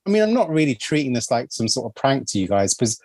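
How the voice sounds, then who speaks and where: A male podcast host chatting loosely into a close mic, his speech full of fillers and small laughs. His pitch sits in the everyday middle, and the sound is dry with no room at all. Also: big pitch swings, fast talker, a little mellow, no echo. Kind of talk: casual podcast chat.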